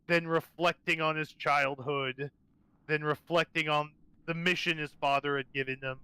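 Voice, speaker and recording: A man's voice: on the high side, sharp tone, clean tone, dry recording, poor audio. A man playing a tabletop game, describing his character's actions in a rambling way. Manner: rambling, full of fillers and restarts. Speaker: player.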